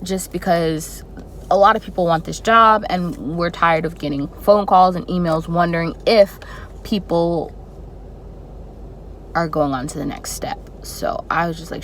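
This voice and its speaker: A young woman tells a personal story to her camera in a casual, animated way. Her voice sits a little low for a woman, and she swings into dramatic reactions. A faint background noise runs under the recording. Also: normal speed, low-quality recording. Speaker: flight attendant vlogger.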